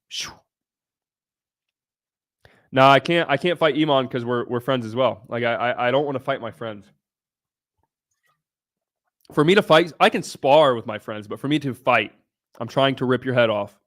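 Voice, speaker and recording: A man hosting a casual livestream Q&A, talking bluntly with frequent swearing and bursts of excitement. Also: mid-range voice, moderate pace, long pauses. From United States (Ohio). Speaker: livestream host.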